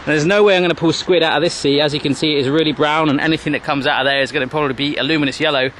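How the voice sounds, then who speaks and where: Fast-talking, playful cooking host. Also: male voice, a little high, fairly even intonation, a bit bright, echoey room, slight background noise. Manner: playful, jokey and chatty. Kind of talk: casual cooking demonstration. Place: home kitchen. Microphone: camera on a tripod.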